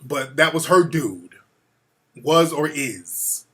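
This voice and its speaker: A man's voice: on the high side, animated, slow, a bit bright. A man hosting a call-in talk show, chatting loosely and cursing freely. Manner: profane, loose and conversational. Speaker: radio talk show host.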